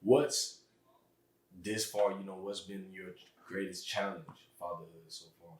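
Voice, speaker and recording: A man hosting a podcast, chatting in a relaxed way with easy slang and frequent laughter. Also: sits low, a little slow. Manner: laid-back, chatty slang, laughs easily. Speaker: podcast host. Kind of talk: casual interview chat. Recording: roomy, echoey room.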